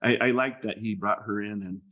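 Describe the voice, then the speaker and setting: A man speaking as a guest in a casual interview. He talks haltingly, repeats his words and laughs easily. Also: lowish voice, fairly even intonation, a bit bright. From United States. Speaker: gallery owner, guest.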